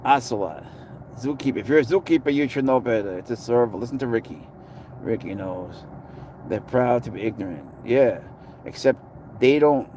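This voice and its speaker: A man's voice: medium pitch, moderate pace, warm tone, slight background noise. A man chatting casually in a blunt, sarcastic way, answering viewers' comments on a livestream. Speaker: pet owner streaming to viewers.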